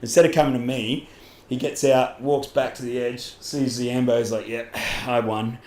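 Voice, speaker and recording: A man's voice: medium pitch, fairly even intonation, normal speed, warm tone. Australian man telling a story in an echoey room. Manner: laughs often, swears, uses Aussie slang. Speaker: podcast guest. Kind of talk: casual storytelling. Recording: echoey room with faint ambient noise.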